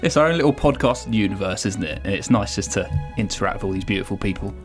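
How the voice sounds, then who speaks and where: A man's voice: lowish voice, lively intonation, quick pace, over music. A man co-hosting a film podcast who sounds upbeat, welcomes the guest, and laughs often. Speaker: podcast co-host. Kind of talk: casual film podcast chat.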